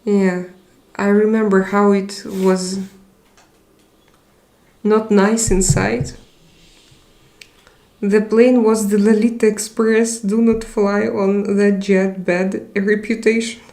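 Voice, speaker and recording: Young woman, live-stream host, unhurried delivery, reads out chat comments and replies. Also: medium pitch, flat delivery, mellow. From Russia. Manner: reads viewer comments aloud and answers them.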